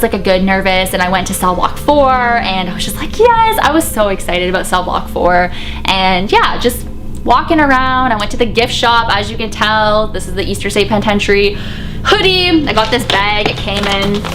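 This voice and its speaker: A young woman talks in a casual, bubbly vlog, her voice at an ordinary middle pitch. She is excited and chatty, full of fillers and asides. Faint music runs quietly underneath. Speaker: paranormal vlogger.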